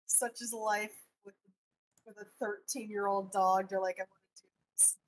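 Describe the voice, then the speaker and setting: A woman's voice: mid-range voice, steady tone, slow pace, pauses often, poor audio. A woman chatting casually with a streamer on a call, giggly and playfully teasing. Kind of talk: casual chat.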